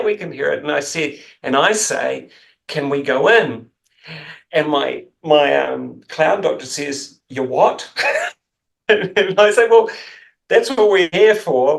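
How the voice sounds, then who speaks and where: A man's voice: mid-range voice, vocal fry, a bit bright. A man as an interview guest, telling rambling, self-mocking stories in casual chat and laughing often.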